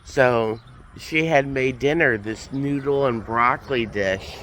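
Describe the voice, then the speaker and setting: Slow-talking congested man telling a story. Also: mid-range voice, a bit bright, slight background noise. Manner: chatty, recounts conversations as he tells them. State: congested, sick with a cold. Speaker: vlogger. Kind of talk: casual storytelling.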